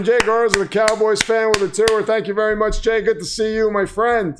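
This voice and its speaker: A man hosting a casual livestream, chatting and commentating, flustered at times and prone to excited outbursts. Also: high-pitched, moderate pace, few pauses, noisy background. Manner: flustered, self-deprecating, breaks into excited shouts. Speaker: livestream host.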